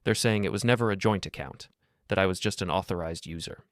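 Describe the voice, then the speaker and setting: A man voicing a panicked, demanding grown woman with an urgent, rising, higher delivery. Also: fast talker, dry recording, clean studio sound, natural voice. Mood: frantic.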